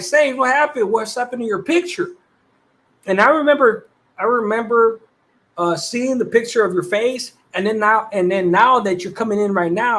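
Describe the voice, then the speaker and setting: A man with a fairly high voice chats on a casual livestream. He talks in loose, laid-back slang, swears freely and greets viewers one by one. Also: fairly bright tone. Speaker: livestream host.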